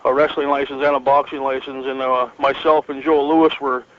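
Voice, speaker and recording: Rambling, flat-voiced older-sounding wrestler, muffled audio. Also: male voice, mid-range voice, fairly quick. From northern Michigan. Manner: rambling, many fillers and restarts, chuckles often. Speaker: interview guest, retired pro wrestler. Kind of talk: relaxed storytelling interview.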